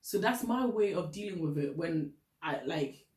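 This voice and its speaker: This vlogger from Ghana has a lowish, slightly mellow voice with lively intonation and talks at normal speed. Laughing often, she candidly shares relationship advice in Ghanaian English, and the room echoes.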